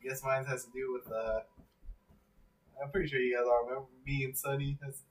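A man's voice: mid-range voice, level tone, brisk. A young man telling stories in a casual chat with friends, laughing often and swearing a lot. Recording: distant mic with faint noise.

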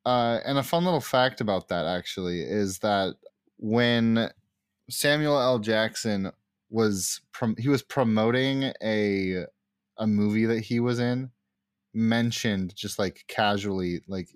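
A young man co-hosting a casual podcast chat, rambling and animated with lots of fillers. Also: fairly low pitch, measured pace, clear, resonant tone, no room sound, studio quality. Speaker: podcast co-host.

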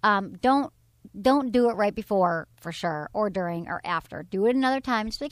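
This dry recording features a woman of medium pitch talking a little fast. As host of a sex and dating advice show, she's frank and animated, reading from her blog during casual advice chat.

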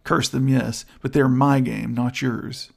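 Male narrator doing a brooding, blunt hunter; gravelly, clipped, harsh delivery. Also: mid-range voice, little pitch movement, slow, heavily acted. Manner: curt, harsh, abrupt replies. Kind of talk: audiobook character voice.

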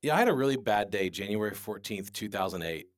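A man's voice: on the low side, lively intonation, fast, no room sound, clean studio sound. A man in his forties, a business owner, telling a candid story in an interview with emphatic restarts. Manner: earnest, repetitive restarts, emphatic.

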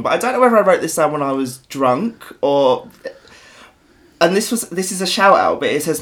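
A man's voice: a little high, sing-song, normal speed, fairly bright tone. A man, co-hosting a podcast in casual, sweary, rambling chat. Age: 30s. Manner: sweary, rambling and self-mocking. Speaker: podcast co-host.

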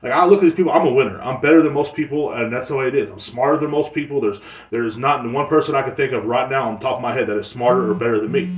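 A man's voice: medium pitch, fast. A man hosting a podcast, talking in a rambling, boastful and crude way with many fillers and restarts. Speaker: podcast host. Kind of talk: casual monologue podcast. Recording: roomy, distant mic.

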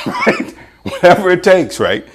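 A man preaching a sermon in an animated way, with chuckles and measured scripture readings. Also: a little hiss or hum. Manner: animated, pitch jumps for emphasis, chuckles often; reads scripture aloud in an old-fashioned, measured cadence.

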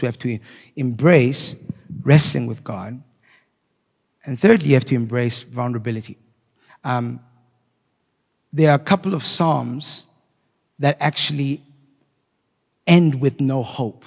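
A man preaching a sermon, swinging between loud, impassioned rises and quiet, reflective passages as he reads scripture. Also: medium pitch, measured pace, creaky, long pauses, in a large hall. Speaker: pastor.

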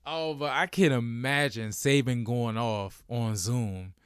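A man's voice: mid-range voice, takes it slowly, clean tone, no echo, studio quality. Casual young man riffing on sports. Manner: animated, laughing, slangy asides. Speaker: podcast host.

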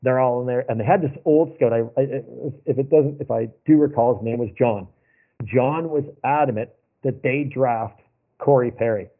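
A man's voice: medium pitch, moderate pace. Male guest, casual anecdotal storyteller, thin phone-line sound. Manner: rambling, anecdotal, repeats himself. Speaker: podcast guest.

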